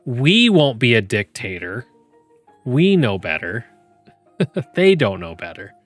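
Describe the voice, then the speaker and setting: A man hosting a podcast, joking and laughing often as he reads game prompts aloud to his chat. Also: mid-range voice. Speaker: podcast host.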